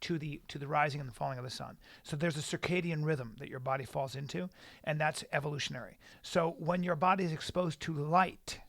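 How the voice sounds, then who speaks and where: A man's voice: on the high side, steady tone, brisk, vocal fry, fairly bright tone, dry recording. A man co-hosting a podcast in a studio, telling stories animatedly and swearing freely. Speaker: podcast co-host. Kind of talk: casual chat.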